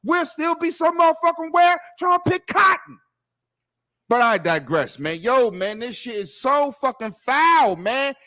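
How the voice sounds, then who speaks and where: Man, profane angry rant, high voice, bright edge. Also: very animated, unhurried. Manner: heated, profane ranting. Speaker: podcast co-host. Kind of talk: casual podcast chat.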